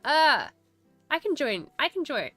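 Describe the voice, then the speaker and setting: A woman's voice: high voice, sing-song, a little slow, bright, forceful tone, no echo, soft background music. A woman hosting a casual study live stream, chatting and reading chat messages aloud with frequent laughs.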